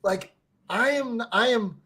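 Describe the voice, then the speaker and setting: A man co-hosting a casual sports podcast, telling stories in an animated way, swearing freely and saying "like" and "right?" a lot. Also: fairly high pitch, measured pace. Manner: excitable, fan-to-fan talk addressing listeners as family. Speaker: podcast co-host.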